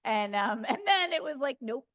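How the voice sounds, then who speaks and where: Animated and a bit bright, a middle-aged woman's high-pitched voice moves at a moderate pace as she chats with a South Jersey accent. She answers audience questions at a reading in a university event room, telling stories with plenty of fillers and laughs. It's a casual Q&A talk captured on Zoom.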